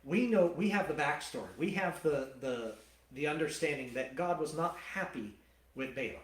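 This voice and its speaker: Animated pastor teaching in a roomy hall. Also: male voice, fairly high pitch, moderate pace. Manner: animated, colloquial storytelling. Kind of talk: sermon, Bible teaching.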